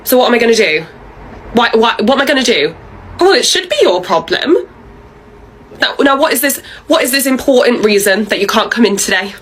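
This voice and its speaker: A woman's voice: on the high side, expressive, fairly quick, fairly bright tone, husky, low-quality recording. A woman voicing a bossy, pushy female manager who dodges blame and leans on her staff. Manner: pushy, wheedling, dodging blame.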